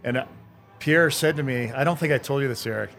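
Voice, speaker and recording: Man telling a lively locker-room story. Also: mid-range voice, fast, soft background music. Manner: animated anecdotes, acting out quoted dialogue. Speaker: guest, former pro hockey player. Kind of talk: casual storytelling chat.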